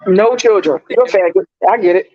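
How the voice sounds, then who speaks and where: A woman telling gossip stories in a casual chat, profane and laughing loudly as she talks. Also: medium pitch, fairly quick. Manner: profane, laughing, loud storytelling. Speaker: co-host gossiping. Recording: dull lo-fi audio.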